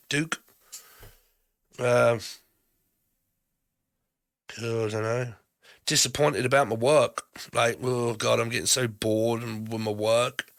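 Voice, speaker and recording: Rambling, swearing tarot reader. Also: male voice, medium pitch, sharp tone, dry recording, clean studio sound. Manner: rambling, swears often, laughs between phrases. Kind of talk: rambling tarot card reading.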